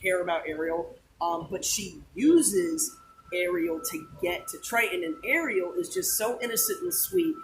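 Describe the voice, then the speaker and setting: A man's voice: high voice, animated, a little slow, noisy background. A man in his twenties chatting casually at a theme park, enthusiastic and rambling. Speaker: guest, Disney fan. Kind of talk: casual chat.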